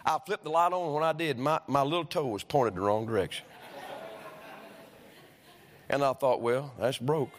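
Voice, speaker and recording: A man's voice: mid-range voice, moderate pace, long pauses. A male pastor preaching in a church, telling homespun stories that build into fervent preaching. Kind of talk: sermon. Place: church sanctuary. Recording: long reverb of a church hall.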